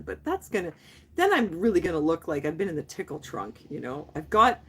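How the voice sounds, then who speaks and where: A woman's voice: on the low side, fairly bright tone, husky. A woman around fifty chatting playfully with viewers on a livestream, laughing often and dropping in French phrases. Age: 50s. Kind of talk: casual live chat.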